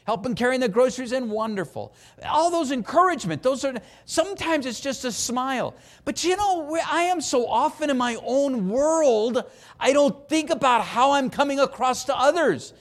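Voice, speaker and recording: A middle-aged man preaching a sermon, animated, acting out voices and having the congregation repeat phrases after him. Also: extremely high pitch, moderate pace.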